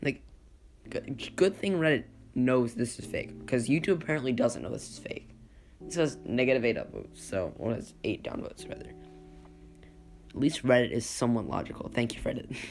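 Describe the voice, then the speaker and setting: A man's voice: medium pitch, sing-song, normal speed, vocal fry. A man giving casual comedic commentary, sarcastic and incredulous, laughing at his own jokes. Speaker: YouTuber reading and mocking Reddit posts. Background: guitar music.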